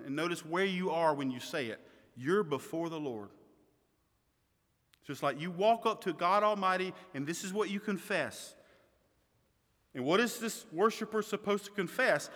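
Male pastor, sermon, bright voice, emphatic, loud and soft by turns, long hall reverb. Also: fairly high pitch. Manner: emphatic preaching, swings between loud and quiet.

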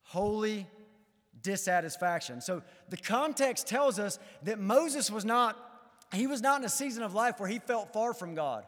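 A man preaching a sermon in a high, light voice, his words ringing out with a long reverb through a church sanctuary. He moves from earnest, rising emphasis to hushed, searching appeals to the congregation. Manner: earnest, building to fervent emphasis then dropping low. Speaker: pastor.

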